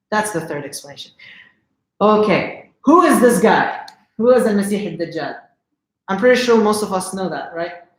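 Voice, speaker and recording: A man telling a religious story in a casual livestream lesson, chatty and often asking the audience questions. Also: sits high. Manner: conversational, asks the audience questions. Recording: roomy echo.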